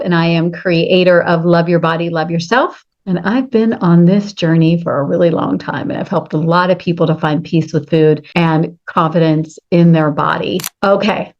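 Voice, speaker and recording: Middle-aged woman coach, slightly low voice, gentle and earnest, talks to camera, slightly muffled recording. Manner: gentle, earnest, voices inner thoughts aloud. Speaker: body-image coach and author. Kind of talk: talking-head video to camera.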